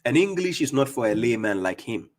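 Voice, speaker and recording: A man giving scolding religious commentary on a live stream, mocking opponents and reading verses slowly. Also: mid-range voice, sing-song. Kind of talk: preaching commentary on played clips.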